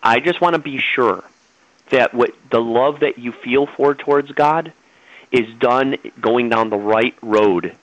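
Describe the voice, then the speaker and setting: A middle-aged man holds forth on a radio talk show, preaching at his listeners in an insistent, lecturing tone. His voice sits at an ordinary pitch. The sound is dull and muffled, with no room echo at all. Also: a bit bright. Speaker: guest.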